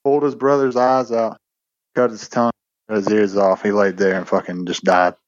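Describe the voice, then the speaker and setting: A man's voice: on the low side, little pitch movement, normal speed, dry recording, dull audio. A man co-hosting a podcast, telling a long story in a rambling, casual way with lots of swearing and restarts. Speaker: podcast co-host.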